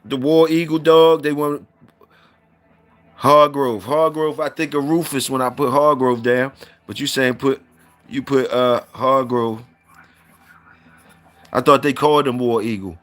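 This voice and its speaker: A man's voice: mid-range voice, steady tone, unhurried, pauses often, fairly bright tone. A man hosting a casual livestream, reading out viewer comments and saluting people in a loose, repetitive drawl.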